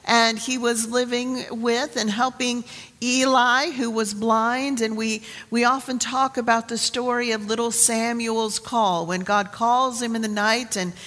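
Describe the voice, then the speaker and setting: A woman pastor introducing and reading an Old Testament lesson in a relaxed, conversational sermon, with fillers and restarts. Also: on the high side, a little slow. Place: church sanctuary. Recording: long reverb of a church sanctuary.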